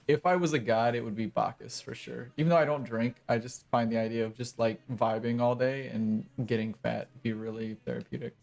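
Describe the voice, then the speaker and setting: A man's voice: mid-range voice, steady tone, brisk, vocal fry, hardly any pauses, darkish tone. A young adult man streaming a game, chatting casually in a rambling, joking, self-mocking way. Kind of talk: casual gaming commentary.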